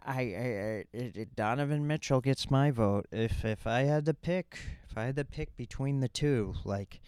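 A man's voice: on the low side, a little mellow, smooth, no echo, clean studio sound. A man hosting a podcast in casual chat, rambling and self-mocking, with many restarts and stammered repeats. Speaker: podcast host.

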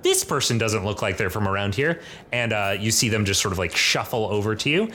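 Male game master, low bright voice, loose rambling narration. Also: expressive, a little fast, slight background noise. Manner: rambling, filler-heavy.

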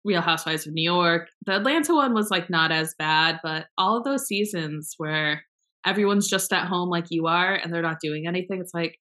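A woman's voice: lowish voice, moderate pace, bright, forceful tone. A young woman co-hosting a casual chat, talking frankly and rambling, with plenty of swearing.

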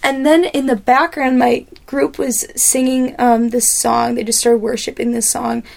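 Creaky-voiced young woman telling a story. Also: fairly high pitch, measured pace. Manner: animated storyteller, many fillers and quoted asides. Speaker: guest. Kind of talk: storytelling in a podcast interview.

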